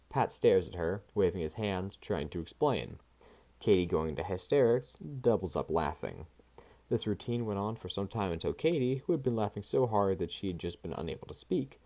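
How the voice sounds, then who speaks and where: Male nonfiction narrator, very low and dark voice, lively intonation, measured delivery. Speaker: audiobook reader. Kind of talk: scripted nonfiction audiobook narration.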